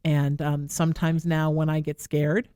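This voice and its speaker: A woman talk radio host speaks in a smooth, resonant voice, soothing and affectionate as she comforts a caller. She sounds close to tears throughout. The studio is dry and close. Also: low-pitched, level tone, unhurried, mellow, no echo. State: tearful. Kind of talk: emotional advice to a caller. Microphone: studio microphone.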